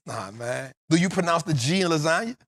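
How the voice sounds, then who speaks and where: A man with a New Orleans accent hosting a casual podcast chat, animated and laughing often, repeating himself. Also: on the high side, a little fast, slight background noise. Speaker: podcast host.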